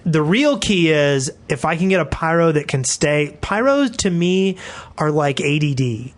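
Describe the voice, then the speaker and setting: Man co-hosting a gaming podcast, slightly high voice. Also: animated, a little slow. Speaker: podcast co-host. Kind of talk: casual podcast chat.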